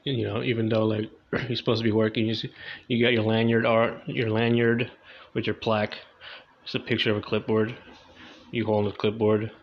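A man's voice: on the low side, little pitch movement, moderate pace, slight background noise. A young man doing a loose, crude, slangy stand-up comedy monologue, in a dull lo-fi recording.

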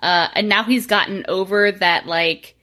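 A woman's voice: medium pitch, steady tone, measured pace, pushed and bright. A woman co-hosting a podcast, joking irreverently and swearing freely in casual chat. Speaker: podcast co-host.

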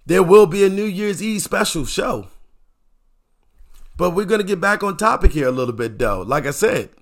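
A man hosting a casual sports opinion show, talking in an animated, repetitive way and firing off rhetorical questions. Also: high-pitched, normal speed.

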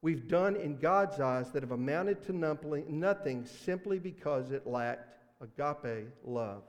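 A man with a Mississippi accent preaching a sermon as pastor, earnest, swinging between loud emphasis and hushed asides. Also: a little high, expressive, unhurried, few pauses, big-room sound. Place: church sanctuary.

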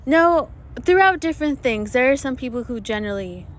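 This young podcast host has a high-pitched, expressive voice and talks fairly quickly. She's recording a casual solo monologue out in the desert, planes roaring past overhead. Chatty and profane, she mocks herself and laughs a lot.

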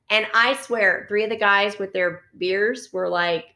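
A woman's voice: mid-range voice, a little slow. A middle-aged woman, a lactation consultant co-hosting a podcast, telling stories in casual chat and acting out the people she quotes. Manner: animated storyteller acting out quoted voices.

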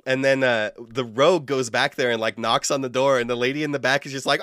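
A man's voice: medium pitch, a little fast, hardly any pauses, fairly bright tone, dry recording, clean studio sound. A man co-hosting a podcast, telling a rambling story in casual chat with lots of fillers and restarts. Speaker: podcast co-host; game master.

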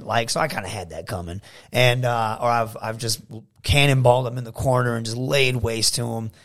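A man from Michigan talking as a guest on an interview show, telling casual stories in an animated way. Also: medium pitch, vocal fry. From Saginaw, Michigan, USA. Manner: animated, acts out quotes in a raised voice. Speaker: guest, professional wrestler.

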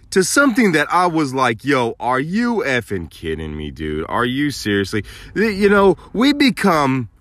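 In a mid-range voice with no echo, a man hosting a podcast rambles through a casual monologue, telling crude, joking stories with plenty of animation.

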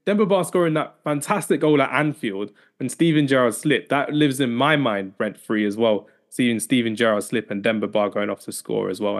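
A man hosting a football chat podcast, his voice sitting in an ordinary middle register. He talks in an upbeat, conversational way, listing players and tossing in playful asides. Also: medium pitch. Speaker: podcast host. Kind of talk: casual football podcast debate.

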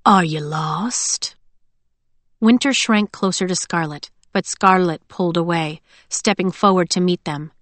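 A woman reading an audiobook aloud in a measured, expressive way. Her voice is on the low side and the recording is dry and close, with no room sound. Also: no room sound. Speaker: audiobook narrator. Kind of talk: scripted narration.

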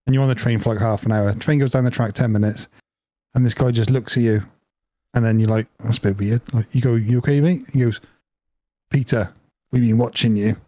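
A man in easy podcast banter, his voice mellow and dark in tone. He spins playful what-if scenarios and slips into little bits of dialogue. The sound is close and dry. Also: mid-range voice, steady tone, fairly quick, no room sound. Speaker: podcast co-host. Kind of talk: casual chat.

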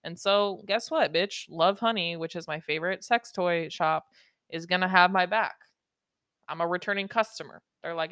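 A woman's voice: sits low, expressive, normal speed, fairly bright tone, no room sound, studio quality. A woman hosting a solo podcast, rambling and joking with lots of swearing and laughter. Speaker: podcast host. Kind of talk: casual solo podcast monologue.

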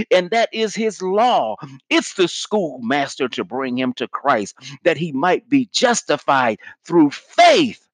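Earnest, higher-voiced male preacher. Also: fairly bright tone, no room sound. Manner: earnest and emphatic, repeats key points. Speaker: evangelism teacher. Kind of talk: teaching sermon.

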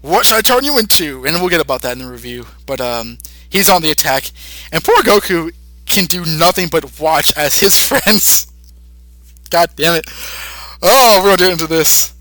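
Animated podcast man, bright dry voice. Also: on the high side, no echo, low-quality recording. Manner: animated, acts out character lines in quick put-on voices. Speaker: podcast co-host. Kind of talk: casual episode recap.

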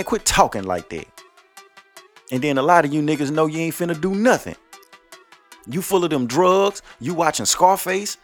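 Profane scolding podcast host, man. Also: fairly high pitch. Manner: blunt, profane, scolding, preachy. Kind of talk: ranting monologue.

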